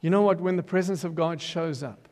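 An older man tells his story from the pulpit, animated and theatrical, acting out the voices of the people in it and rising into loud bursts of emphasis. His voice sits on the higher side. The sound rings with the long reverb of a large hall. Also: a little fast. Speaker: preacher giving his testimony. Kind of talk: testimony sermon.

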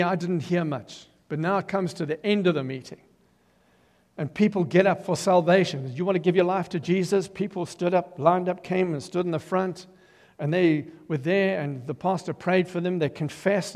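Older man preaching in a reverberant hall. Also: fairly high pitch. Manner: animated storyteller, acts out quotes, bursts of loud emphasis. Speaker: preacher giving his testimony. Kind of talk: testimony sermon. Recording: long reverb of a large hall.

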